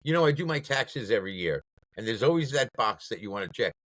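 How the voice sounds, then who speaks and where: Male podcast guest, low and lively voice, blunt and profane. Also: quick pace, no room sound. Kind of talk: casual political chat.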